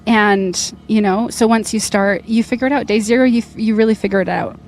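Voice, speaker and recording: A woman's voice: medium pitch, steady tone, a little fast. Young adult woman, enthusiastic rally competitor, loose filler-heavy delivery, recorded outdoors with light noise. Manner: chatty, upbeat, many fillers. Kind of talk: casual interview. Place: outdoors at an event finish line.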